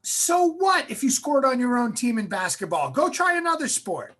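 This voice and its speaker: A man's voice: high voice, expressive, measured pace, a little mellow, breathy edge, heavily acted. A man voicing his determined mother, speaking to her son in a firm, commanding way. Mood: urging. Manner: commanding, stern.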